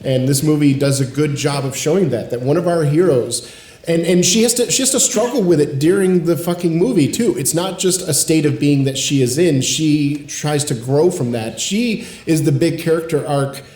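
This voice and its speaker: A man in his forties co-hosts a casual podcast, speaking earnestly and reflectively with some casual swearing. His voice is on the high side and a little mellow, at a moderate pace, in an echoey room.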